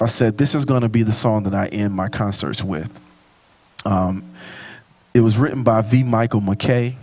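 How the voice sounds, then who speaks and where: A man who directs a choir, thanking people from the stage in an informal, direct way. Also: medium pitch. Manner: warm, informal, addresses audience directly. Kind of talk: concert thank-you speech. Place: large concert hall with audience. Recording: long hall reverb, audience sounds.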